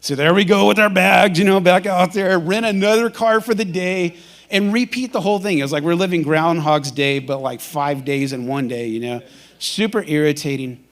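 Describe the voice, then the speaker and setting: A male pastor preaching a sermon in a church, telling a story with lively acted-out quotes. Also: sits high, normal speed. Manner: animated storytelling, acting out quoted voices.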